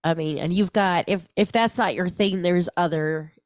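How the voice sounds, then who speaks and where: A woman with a fairly low voice chats on a podcast, laughing easily and drifting off mid-sentence before picking back up. Her voice is close and dry, with no room sound around it. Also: moderate pace, no echo. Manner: chatty, laughs easily, trails off and restarts. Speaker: podcast co-host. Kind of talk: casual podcast chat.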